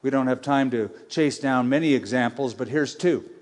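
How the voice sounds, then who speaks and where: A male pastor preaching a sermon, conversational and emphatic, swinging between loud and hushed. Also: mid-range voice, moderate pace. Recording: long reverb of a large hall.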